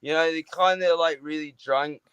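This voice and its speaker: A man's voice: on the high side, fairly even intonation, moderate pace, a bit bright, smooth, dry recording, dull audio. A man on a video call chatting casually on a live stream, laughing often, swearing freely and slipping into impressions. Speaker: guest, fellow channel host.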